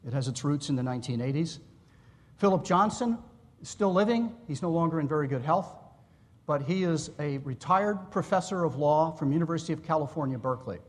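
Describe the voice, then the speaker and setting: A man's voice: fairly high pitch, animated. Man lecturing in an echoing hall. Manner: measured, explanatory, with asides to the audience. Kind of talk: academic lecture. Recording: long reverb in a hall.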